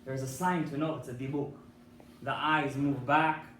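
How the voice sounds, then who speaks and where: A man's voice: medium pitch, fairly even intonation, normal speed, a bit bright. A man, a rabbi, giving a sermon with an emphatic storytelling manner, asking his listeners questions. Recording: echoey hall from far off with faint noise.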